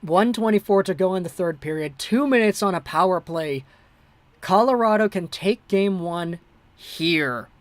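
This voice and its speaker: A hockey livestream host, an excitable amateur, delivers play-by-play of a game in a breathless rush, yet at a measured pace. Their voice rests at a typical middle pitch, captured up close and dry with no room sound at all.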